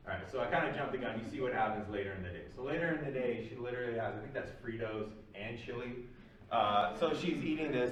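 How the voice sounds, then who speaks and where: A man's voice: medium pitch, expressive, brisk. Male lecturer, casual and rambling, recorded far off in an echoey room with faint hiss. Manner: loose, filler-heavy explaining. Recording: very echoey room, mic at a distance.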